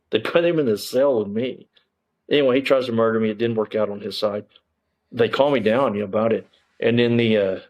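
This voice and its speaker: A middle-aged man, telling his story as an interview guest, bluntly and emphatically, with plenty of cursing and fillers. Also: mid-range voice. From Texas.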